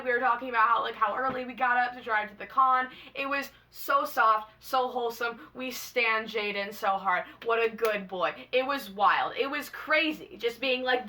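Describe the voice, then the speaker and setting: Young woman vlogger, storytime; bubbly, excitable, slangy; bright tone, slightly high. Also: normal speed, hardly any pauses. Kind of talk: casual storytime.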